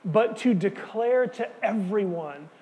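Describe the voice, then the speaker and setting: A man preaching a sermon, earnest and emphatic, dropping to quiet words for key lines. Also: high voice, lively intonation, takes it slowly, long reverb tail, a little hiss or hum. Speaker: pastor.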